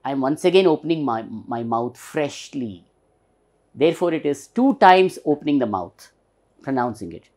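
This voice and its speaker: A man's voice: medium pitch, lively intonation, normal speed, a little mellow. A man teaching a pronunciation lesson, patiently spelling out and repeating words. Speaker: English teacher.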